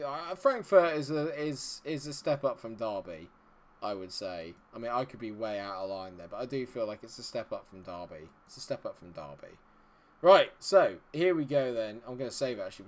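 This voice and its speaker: Chatty young man. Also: on the low side. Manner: chatty, rambling, excitable bursts. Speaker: gaming video host. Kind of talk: casual gameplay commentary.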